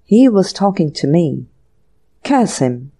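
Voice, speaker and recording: A woman voicing a flustered young gentleman who has just been robbed, in an audiobook reading. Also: lowish voice, sing-song, takes it slowly, husky, heavily acted. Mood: dismayed. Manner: theatrical, dryly self-pitying.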